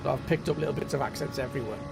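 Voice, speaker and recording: A man's voice: medium pitch, very fast, gravelly. A man with a mild Merseyside accent, chatting casually and rambling as he hosts a sim racing live stream. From northwest England. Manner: rambling, chatty, keeps saying "know what I mean". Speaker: gaming livestream host. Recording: live stream with music underneath. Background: game music playing.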